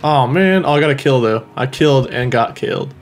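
A man's voice: medium pitch, animated, fairly quick, faint music behind. A playful young man chatting casually and joking while playing a game with a friend. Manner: jokey, playful, laughs often. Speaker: gaming YouTuber. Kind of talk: casual gameplay chat.

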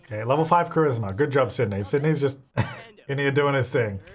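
A man's voice: mid-range voice, expressive, normal speed. A young man giving casual, chatty commentary while playing a life-simulation game, laughing often and talking to the characters on screen. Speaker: gaming video creator. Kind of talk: casual let's-play commentary.

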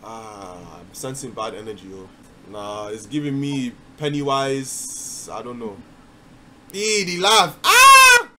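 A man's voice: medium pitch, takes it slowly, bright, forceful tone, slight background noise. A young man from New York, a livestreamer teasing strangers on a video chat app with mocking, playful jabs. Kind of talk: prank video chat banter.

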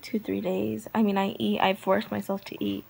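A young woman vlogs casually into her phone, sounding sick and down. Her medium-pitched voice is flat, creaky, and a little mellow at a moderate pace, with some hiss or hum, and she rambles hesitantly with many fillers.

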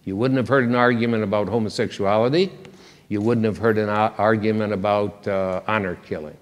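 A man's voice: fairly low pitch, fairly even intonation, fairly quick. An older man giving a public lecture, wry and conversational, with a self-deprecating humor. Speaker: guest lecturer. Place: large lecture hall. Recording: reverberant lecture hall.

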